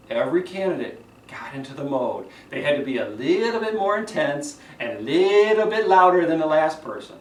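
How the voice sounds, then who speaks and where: A man who is a public speaking coach giving an animated speech evaluation lesson, acting out vocal examples as he goes. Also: fairly high pitch. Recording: roomy echo, distant mic.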